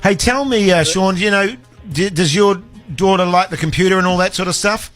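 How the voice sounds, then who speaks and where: A New man in his forties hosts a radio show, spinning chatty stories with exasperated asides. His voice sits high for a man. Faint music runs underneath. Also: a little fast, a bit bright. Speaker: radio host. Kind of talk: casual radio banter.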